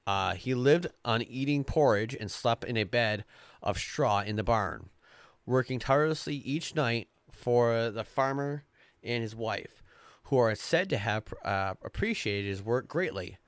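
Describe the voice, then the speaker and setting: Slow-spoken man reading folklore aloud. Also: medium pitch, lively intonation, no room sound. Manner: slow, stumbling read-aloud with filler and cursing. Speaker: podcast host. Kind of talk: casual podcast chat, reading folklore aloud. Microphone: close podcast mic.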